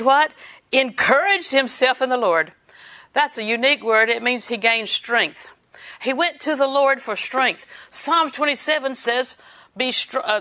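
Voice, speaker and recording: A woman's voice: a little high, pushed and bright. A woman preaching a sermon, reading scripture in a conversational way and laughing often.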